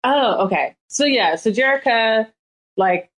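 Bubbly high-voiced woman podcaster. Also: lively intonation, unhurried. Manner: bubbly, uses "like" a lot, acts out characters loudly. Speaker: podcast co-host. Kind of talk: casual chat. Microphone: remote call mic.

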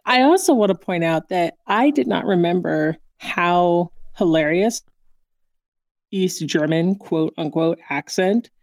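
Laughing frequently, a female podcast co-host chats with energy about an episode of a cartoon. She speaks at a measured pace in a lowish, darkish voice, and the studio-quality recording has no room sound.

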